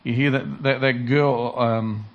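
A man's voice: mid-range voice, fairly even intonation, slow pace, highs cut off. A man preaching earnestly in a sermon, reflecting on a story and repeating his key phrases. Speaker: pastor.

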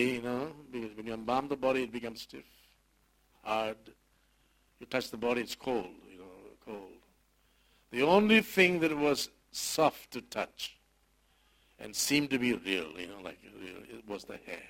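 A man who is a pastor, telling a personal story in a sermon, emotional and halting, often repeating words. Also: fairly low pitch, a bit bright, low-quality recording. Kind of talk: sermon testimony.

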